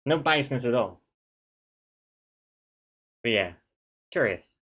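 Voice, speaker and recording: A man's voice: mid-range voice, expressive, slow pace, a bit bright, husky. Man, webcomic artist, casual live-stream chat, dry joking banter, rambling. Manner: rambling, frequent restarts.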